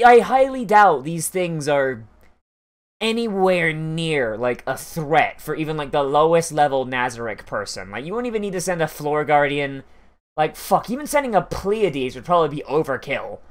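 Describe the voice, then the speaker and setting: An anime reaction host rambling casually, with lots of swearing, restarts and fillers. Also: medium pitch. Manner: frequent laughter.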